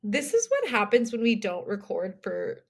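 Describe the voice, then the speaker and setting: A woman's voice: mid-range voice, wildly swooping pitch, vocal fry, slightly rough. Chatty young woman podcast co-host. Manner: chatty, full of "like" and quick restarts. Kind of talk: casual chat recapping a TV show.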